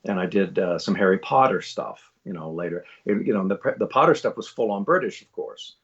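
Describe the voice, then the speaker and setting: An older man, a voice actor guest, telling animated stories in a casual interview. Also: low-pitched, fairly quick, slightly rough, dull audio. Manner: animated storyteller, many restarts.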